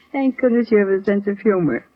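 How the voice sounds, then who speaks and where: An actress playing a calm, gently teasing young wife and mother in 1940s radio-drama style, on a lo-fi old broadcast. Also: medium pitch, measured pace, slight background noise, lightly acted. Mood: warm.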